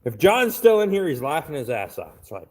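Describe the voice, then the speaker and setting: A man's voice: a little high, big pitch swings, a little fast, darkish tone. A man chatting casually on a live stream, reading out chat and swearing constantly in a crude, blunt way.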